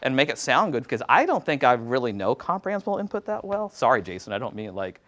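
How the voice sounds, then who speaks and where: A male teacher talks through a workshop in a loose, conversational way. His voice sits at an ordinary, mid-range pitch. He pokes fun at himself and drops in quick quoted asides as he goes. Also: very animated, a bit bright. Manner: casual, self-deprecating, chatty with many fillers and quoted asides. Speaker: Latin teacher presenting a workshop.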